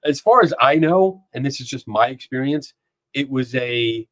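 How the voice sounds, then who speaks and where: A man's voice: mid-range voice, expressive, moderate pace, fairly bright tone, no room sound. Chatty man hosting a live stream. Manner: rambling, chatty, laughs often, reads chat aloud. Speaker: podcast host. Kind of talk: casual live-stream chat. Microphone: dynamic microphone.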